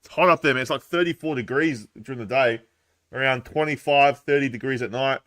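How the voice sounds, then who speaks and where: Australian male host, bright tone, dry studio, upbeat casual chat. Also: mid-range voice, brisk, dry recording. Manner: upbeat, running the segments. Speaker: podcast host.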